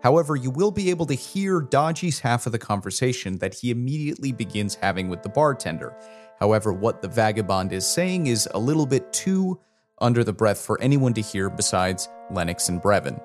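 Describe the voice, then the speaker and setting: A man's voice: medium pitch, animated, a little fast. A man acts as game master and narrates scenes in a casual, descriptive way. His voice rises and falls a lot, and faint music plays behind him.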